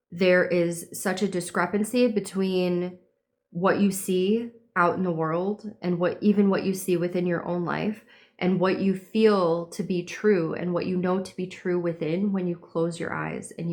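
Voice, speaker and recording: A woman's voice: fairly low pitch, darkish tone. A young woman giving a casual spiritual reading, meandering and dreamy, with lots of fillers. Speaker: tarot and horoscope reader.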